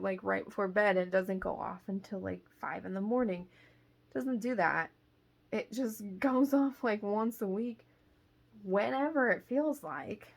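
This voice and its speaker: Young female vlogger, casual chatty storyteller, mid-range voice with some fry. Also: mid-range voice. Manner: rambling, filler-heavy storytelling with frequent laughs. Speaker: crochet vlogger. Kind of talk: casual chat.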